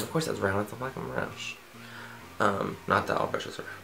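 A man's voice: lowish voice, fairly quick, vocal fry, pushed and bright, slight background noise. Bubbly rambling man vlogging. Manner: bubbly, rambling, self-mocking, swears offhandedly. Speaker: beauty vlogger. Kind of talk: casual chatty outro and bloopers.

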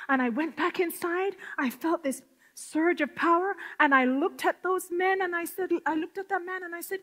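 High, bright woman giving dramatic testimony. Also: normal speed, hardly any pauses. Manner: dramatic, swings from hushed whispers to loud, tearful outcries. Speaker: speaker giving testimony to a women's gathering. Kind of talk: impassioned testimony. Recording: long hall reverb.

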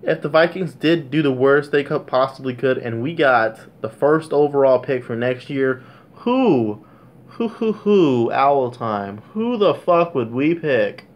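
Young guy ranting about football, swears a ton, exasperated, keeps blowing up loud then grumbling. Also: mid-range voice, expressive, measured pace. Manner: swearing, exasperated rant with sudden loud outbursts. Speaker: sports vlogger. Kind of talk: casual sports rant.

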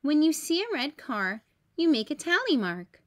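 A woman's voice: sits high, moderate pace, voice pushed up. A woman voicing a patient mother who explains a game in a storybook read-aloud. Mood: calm. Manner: calm, explaining.

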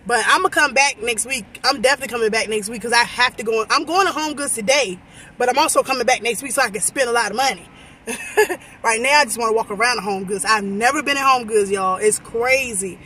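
A woman talking to her viewers in a casual vlog, excited and rambling, her voice getting worn. She talks into a handheld phone from inside a car. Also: on the high side, fairly quick, slight background noise. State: losing her voice. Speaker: vlogger. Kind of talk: casual vlog chat to camera. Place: in a car in a shopping center lot. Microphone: phone camera held by hand.

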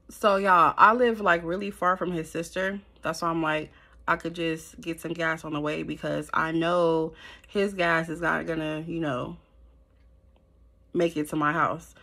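Woman spilling a storytime to her followers, bright voice, blunt, cusses a lot, right up on the cam. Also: on the low side. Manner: animated, blunt, swears freely. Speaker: storytime vlogger. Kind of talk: casual storytelling to viewers. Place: at home in front of a ring light. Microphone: camera held close.

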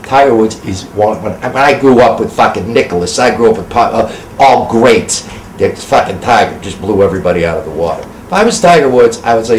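A man delivering an angry, profane political rant with constant swearing and loud bursts. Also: medium pitch, animated, normal speed, echoey room, a little hiss or hum, low-quality recording. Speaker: actor ranting on camera.

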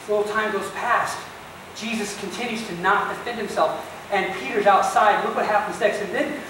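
A man preaching a sermon as a pastor, telling the story with animated emphasis and speaking directly to his listeners. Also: high-pitched, moderate pace, slight background noise. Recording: very echoey distant church recording.

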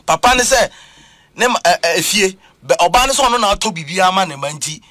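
A Ghanaian man preaching on a talk program with a high, lively voice. He talks emphatically, swinging between Twi and English. The sound is close and dry, with no room around it. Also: fast talker, no room sound. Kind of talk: animated church talk show discussion.

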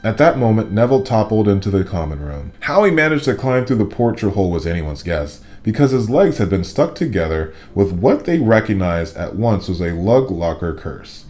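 A man reading a children's storybook aloud with lively, expressive narration. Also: fairly low pitch, normal speed, hardly any pauses. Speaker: reader.

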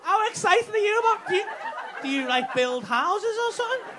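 A stand-up comedian does cheeky, crude crowd work on a comedy club stage, his extremely high voice swinging widely in pitch at a slightly fast clip. The live club recording is noisy, with loud crowd laughter.

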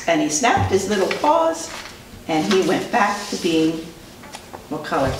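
A female preschool teacher telling a story to children in an animated way, asking them questions as she goes. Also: fairly low pitch, measured pace, long pauses. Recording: roomy distant recording, faint noise.

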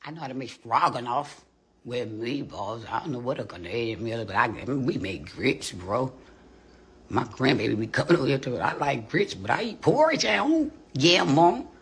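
A middle-aged woman ranting casually and crudely on a phone livestream. She rambles, drops to hushed asides and then breaks into loud, profane outbursts. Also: rumbling low, moderate pace, slight background noise. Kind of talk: unscripted livestream rant.

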